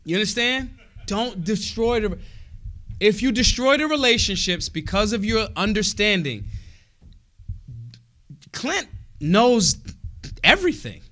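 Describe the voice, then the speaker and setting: A man speaking at a convention hall with a bright, high, wildly swinging voice. He curses freely and punches his points hard, then drops into quiet asides. The delivery is a rousing political speech. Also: very animated, a little slow, pauses often. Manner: profane, emphatic, swings between shouts and low asides.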